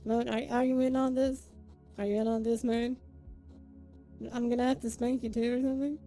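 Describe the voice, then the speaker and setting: A woman's voice: fairly high pitch, flat delivery, normal speed, mellow, soft background music. A woman live streamer chatting casually with her viewers, thanking them by name and swinging between giggles and near tears.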